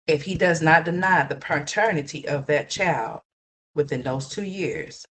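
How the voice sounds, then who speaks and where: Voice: medium pitch, a little slow, a bit bright, a little hiss or hum. A livestream host giving ranting gossip commentary, blunt and profane, repeating points and talking straight to viewers.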